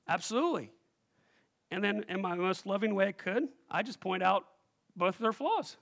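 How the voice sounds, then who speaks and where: A man preaching a sermon as pastor, animated and calling out questions to the congregation, acting out the voices he quotes. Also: high-pitched, normal speed, creaky.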